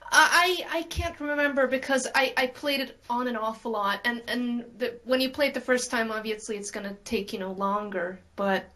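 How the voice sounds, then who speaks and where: A woman hosting a casual gaming podcast, chatty and quick to chime in. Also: a little high, sharp tone. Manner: chatty, quick agreeing interjections. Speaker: podcast host. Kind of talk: casual chat.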